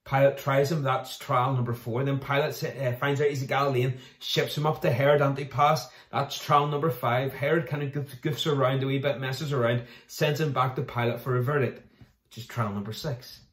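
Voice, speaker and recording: A man preaching to his congregation in a relaxed, chatty way. He slips into quick little voices for the people he quotes. His mid-pitched voice carries the echo of a roomy hall. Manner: conversational, acts out quoted voices. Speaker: pastor. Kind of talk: sermon.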